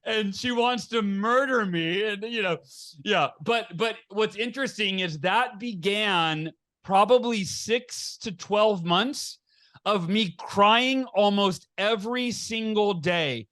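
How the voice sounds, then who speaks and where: A middle-aged man, a guest on a podcast, recounts his story candidly and slowly in an interview, his high, bright voice recorded on a close mic. Earnest and energetic, he frequently starts sentences over and performs the lines of dialogue he's quoting.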